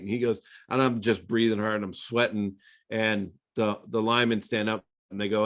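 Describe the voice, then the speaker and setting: A middle-aged man, a former pro quarterback, telling stories in a relaxed, conversational interview full of fillers. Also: mid-range voice, brisk. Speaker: former NFL quarterback, guest. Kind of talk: casual storytelling interview.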